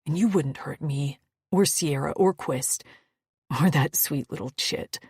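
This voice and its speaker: A fierce, scarred alien warrior man, as a woman voices him with a low, gruff growl pushed well below her own pitch. He speaks through gritted teeth in a husky, breathy tone. It is a dry, close audiobook recording. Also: unhurried, a little mellow, no echo, exaggerated voice. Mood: soft, reassuring. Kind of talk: audiobook character voice.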